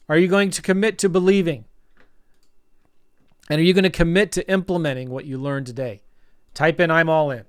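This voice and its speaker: Energetic man coaching a live webinar. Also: fairly high pitch, clean tone, dry recording, studio quality. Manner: energetic, storytelling, rallying viewers to act. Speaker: real estate investing coach.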